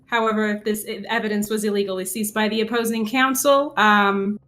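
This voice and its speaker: A woman's voice: mid-range voice, steady tone, brisk, fairly bright tone. A woman playing a defense lawyer in a tabletop role-play, speaking hesitantly with stammering restarts. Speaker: player.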